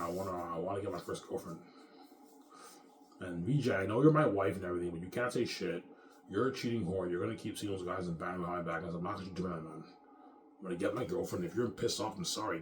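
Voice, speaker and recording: A man in his thirties rants to camera in a bitter, rambling and profane way. He talks very fast in a lowish voice. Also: a little hiss or hum. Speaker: vlogger. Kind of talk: casual rant to camera.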